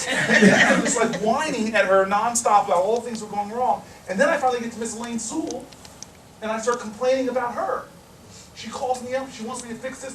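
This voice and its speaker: Male politician, high-pitched, animated storyteller who acts out his characters; echoey hall, distant mic. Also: fairly quick, slight background noise. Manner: animated, acts out the voices of people in his stories. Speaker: politician speaking to an audience. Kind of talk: humorous storytelling speech. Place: hall with a live, laughing audience.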